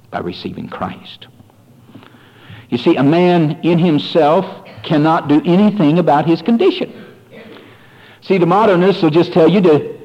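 A man preaching a fiery sermon, swinging from quiet warnings to loud rising appeals, calling his listeners folks. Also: a little high, highs cut off. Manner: addresses listeners as "folks", repeats phrases.

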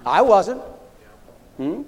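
Speaking very slowly, a man preaches a folksy, animated sermon. His voice is high for a man and swings widely in pitch, and he keeps checking in with the congregation.

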